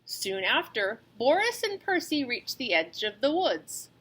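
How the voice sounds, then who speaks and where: A woman reading a children's storybook aloud in an expressive, animated way, as a teacher. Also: a little high, unhurried, slightly rough.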